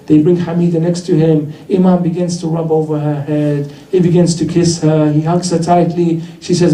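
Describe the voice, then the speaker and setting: A man delivers a sermon, retelling a tragic story in a grieving, narrative tone. His voice sits high and mellow. The recording carries a lot of echo from a hall, with the mic well away from him. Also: level tone, normal speed, hardly any pauses. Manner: mournful storytelling, voicing the figures in quotes. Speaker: speaker at a religious gathering. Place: hall of a religious gathering. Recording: echoey hall, mic at a distance.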